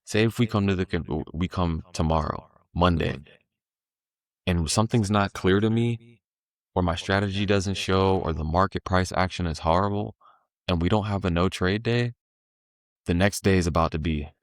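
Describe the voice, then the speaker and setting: Speaking at a moderate pace, this podcast guest has a low voice, captured in studio quality without any room sound. His casual storytelling is laid-back and full of slang, and he turns lively when he puts on the voice of the market.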